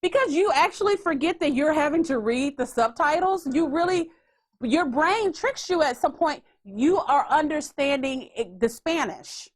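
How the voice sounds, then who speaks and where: A woman hosting a podcast in casual chat, animated and swearing freely. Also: sits high, normal speed. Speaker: podcast host.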